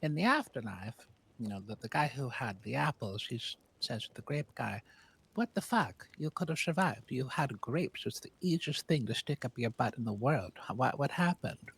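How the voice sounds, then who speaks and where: A man doing a scheming old granny in a western role-play game, her voice creaky and rough with a husky edge. She speaks primly and sing-song, her pitch leaping up and down as she teases and tells stories. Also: big pitch swings, moderate pace, a bit bright, full character voice. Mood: storytelling. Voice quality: creaky, raspy. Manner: prim and sing-song, with big pitch swings. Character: scheming old granny who wants to kill someone. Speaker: streamer, role-play player.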